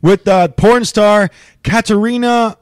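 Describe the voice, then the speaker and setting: A man's voice: sits high, slow, clean tone, no room sound, studio quality. A man co-hosting a comedy podcast in casual chat, laughing often and tripping over names. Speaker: podcast co-host.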